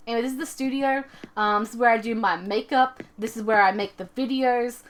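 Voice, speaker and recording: A woman's voice: on the high side, steady tone, brisk. A young woman streaming, chatting casually in a playful, rambling, giggly way. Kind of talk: casual live-stream chat.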